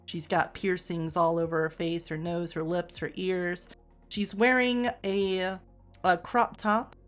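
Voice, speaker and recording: A woman's voice: on the low side, steady tone, slow, faint music behind. A woman narrating a tabletop game as game master, describing the scene in detail.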